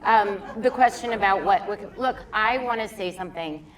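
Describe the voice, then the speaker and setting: A woman's voice: medium pitch, moderate pace, echoey room, recorded from a distance, some chatter behind, slight background noise. A woman in her fifties speaking candidly and emphatically as a panelist at a live theater discussion. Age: 50s. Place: theater in a large city.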